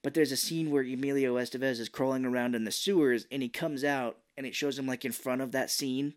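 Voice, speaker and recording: A man's voice: mid-range voice, fairly even intonation, a little fast. A man co-hosting a podcast, chatting casually as he recaps a movie, rambling and swearing offhand. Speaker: podcast co-host.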